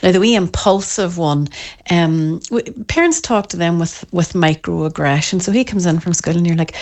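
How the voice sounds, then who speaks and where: Lady, parenting expert on a podcast, lowish voice, animated, does the parents' voices. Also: normal speed. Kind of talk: podcast interview.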